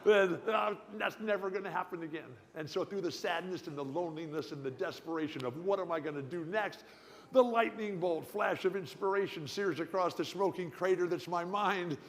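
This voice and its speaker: At a club dinner in a big banquet hall, an older man giving a guest speech at the awards mentions he's been a stutterer his whole life. His delivery is brisk, high-pitched, emphatic and folksy, wandering off on tangent after tangent.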